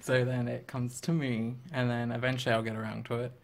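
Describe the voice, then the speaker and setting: A man's voice: little pitch movement, fairly quick, gravelly, slight background noise. A young man co-hosting an art channel, chatting casually and laughing often. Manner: giggly, drops into squeaky mock voices. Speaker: artist and channel co-host. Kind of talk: casual chat over a drawing video.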